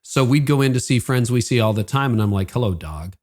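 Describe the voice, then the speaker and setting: A man's voice: mid-range voice, fast talker, a little mellow. A man hosting a podcast, chatting casually, telling self-deprecating stories and asking his guest questions. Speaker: podcast host. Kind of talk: casual interview chat.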